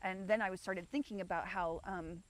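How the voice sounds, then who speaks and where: A woman's voice: mid-range voice, fairly even intonation, brisk, no echo. Rambling woman chatting frankly outdoors. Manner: meandering, frank, swears often. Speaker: livestream host. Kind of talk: rambling personal chat. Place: outdoors in a rock garden.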